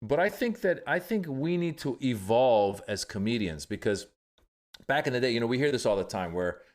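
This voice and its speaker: A man's voice: medium pitch, expressive, normal speed, darkish tone. A middle-aged man, a comedian from Iran, talking through ideas in a podcast interview, acting out the voices of the people he quotes. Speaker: comedian guest.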